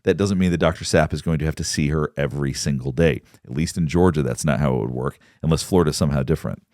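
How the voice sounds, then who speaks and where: A man, a psychologist, giving measured, explanatory commentary on court footage. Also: extremely low pitch, a little mellow, no room sound, clean studio sound. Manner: explanatory, measured, pauses to point things out. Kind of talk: analytical commentary.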